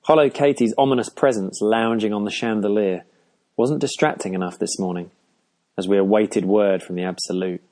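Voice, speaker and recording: A man narrating a first-person audiobook in a measured, dry way. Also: fairly low pitch, darkish tone.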